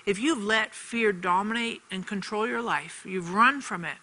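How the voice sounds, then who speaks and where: Woman preacher on tv, bright clear tone, earnest, says things twice for emphasis. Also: mid-range voice, unhurried, poor audio. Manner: earnest, repeats phrases for emphasis. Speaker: TV ministry teacher. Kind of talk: televised faith teaching with a personal story.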